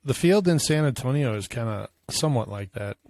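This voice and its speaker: A man's voice: mid-range voice, lively intonation, fairly quick, a little mellow, no room sound. Man musing aloud on a podcast. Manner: hesitant, thinks aloud with fillers. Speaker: podcast co-host. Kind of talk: casual chat.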